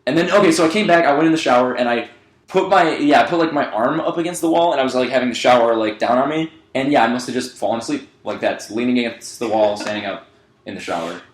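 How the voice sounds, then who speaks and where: A young man, speaking fast in a mid-range voice, rambles through a drunk story in an echoey room. He's a podcast co-host telling it casually, swearing and laughing through his own tale.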